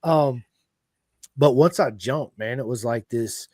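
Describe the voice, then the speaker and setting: An American man hosting a podcast, telling stories in a loud, animated way and swearing freely. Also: mid-range voice, takes it slowly, no echo, studio quality. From United States. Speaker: podcast host. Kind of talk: casual storytelling chat.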